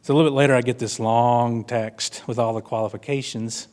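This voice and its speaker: Male conference speaker, mid-pitched, earnest storytelling delivery, plain and conversational. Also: steady tone, a little fast, darkish tone. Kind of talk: keynote talk. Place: conference room before an audience.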